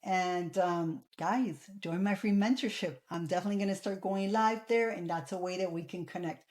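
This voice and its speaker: A woman talking straight to her viewers in a relaxed advice vlog. She keeps a conversational flow, restarts her sentences and keeps checking in with the audience as she explains. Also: on the low side, normal speed. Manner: chatty, repeats "okay?" and "guys", restarts phrases. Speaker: channel host giving credit advice.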